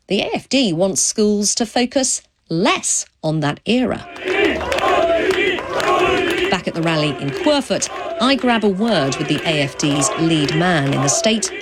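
A woman correspondent delivering a field news report in a clear, lively voice. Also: lowish voice, background noise. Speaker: foreign correspondent. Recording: outdoors with crowd behind.

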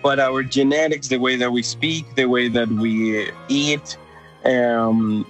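An eager man with a Mexican Spanish accent talks in a loose, casual interview, starting sentences over as his enthusiasm runs ahead of him. His pitch sits in a middle range, and soft music plays faintly underneath. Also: fairly even intonation, slow pace. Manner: enthusiastic, restarts often, sings out demonstrations. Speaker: opera company director, interviewee.

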